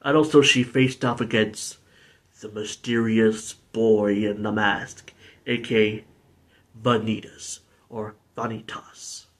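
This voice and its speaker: A man's voice: fairly low pitch, little pitch movement, takes it slowly, fairly bright tone. A man hosting a video game playthrough in a rambling, giggly, self-deprecating way. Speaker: let's play host. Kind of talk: casual gameplay commentary.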